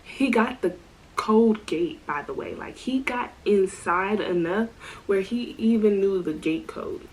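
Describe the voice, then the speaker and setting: A woman telling a storytime vlog in a casual, animated way, full of slang and asides. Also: medium pitch, measured pace, rough recording. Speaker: storytime vlogger.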